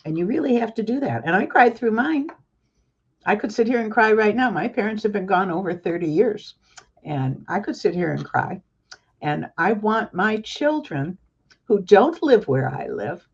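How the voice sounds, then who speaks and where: An older woman talking as a guest on a community talk show, earnest and emphatic, her feelings close to the surface. Her pitch sits in a middle range for a woman. The recording is a little dull and lo-fi. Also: animated, moderate pace, breathy edge. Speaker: author and guest.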